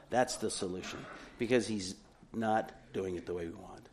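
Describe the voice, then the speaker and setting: Preaching at a normal speed, a middle-aged pastor with a lowish voice tells animated stories to a congregation, adding humorous asides. A little hiss or hum sits in the recording.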